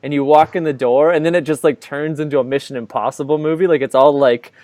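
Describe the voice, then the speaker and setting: A man's voice: on the high side, fairly even intonation, fast talker, darkish tone, no echo. Man, podcast co-host, casual storytelling, rambling, lots of "like", dry close sound. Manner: rambling, filler-heavy, full of "like". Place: living abroad in Ireland, recording indoors.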